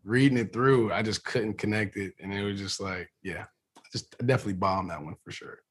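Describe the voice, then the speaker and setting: A man's voice: lowish voice, a little fast, slightly rough. A man being interviewed as an actor, chatting casually and rambling with many restarts and fillers.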